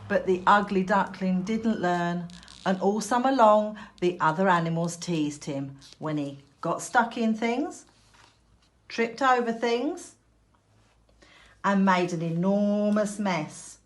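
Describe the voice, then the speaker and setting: A woman teacher reading a picture book aloud to young children, slow, clear and expressive. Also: mid-range voice.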